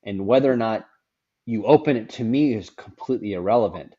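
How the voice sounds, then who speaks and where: A man's voice: lowish voice, mellow, breathy edge. A middle-aged man hosting a casual conversation, frank and rambling, often repeating words as he goes. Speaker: podcast host. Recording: dull lo-fi sound.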